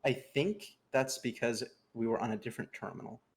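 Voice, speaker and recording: Casual stream guest, a man with a gravelly edge, walks through steps patiently. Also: mid-range voice, brisk, a little hiss or hum. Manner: patient step-by-step instructions. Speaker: guest teaching neovim. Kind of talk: casual livestream tutorial.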